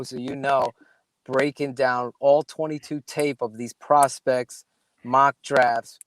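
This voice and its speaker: A man appearing as a guest draft analyst on a sports show, emphatic and animated as he plugs his work. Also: mid-range voice. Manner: animated, emphatic self-promotion.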